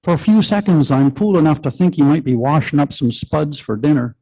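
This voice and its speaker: A man's voice: a little high, animated, brisk, few pauses, warm tone, husky, rough recording. A man reading his story aloud at a live literary event in dialect, with dry folksy humour and colloquial grammar. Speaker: reader at a live literary open mic.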